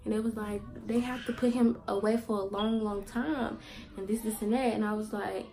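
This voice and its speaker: A woman vlogger telling a personal story in a candid, slangy way, halting with fillers and repeats. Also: mid-range voice, steady tone, a little mellow, rough recording. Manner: candid, slangy, sometimes swearing for emphasis; halting, with many fillers and repetitions.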